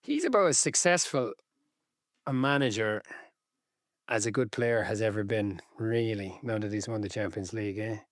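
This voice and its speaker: A man co-hosting a casual football podcast, relaxed and wryly teasing his co-host. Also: fairly low pitch, normal speed, no echo, clean studio sound.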